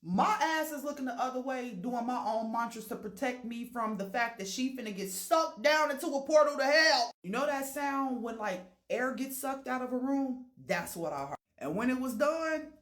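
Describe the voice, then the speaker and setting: A woman's voice: sits high, lively intonation, moderate pace, hardly any pauses. Brash woman storyteller, profane and theatrical, roomy echo. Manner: brash, profane and dramatic, with sudden loud outbursts. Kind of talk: casual storytime monologue.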